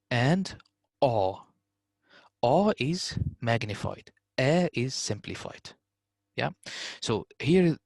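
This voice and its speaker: A man teaching a tajweed lesson, contrasting sounds and repeating examples slowly with frequent fillers. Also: medium pitch, no room sound. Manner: hesitant fillers, informal address to students. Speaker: Quran recitation teacher.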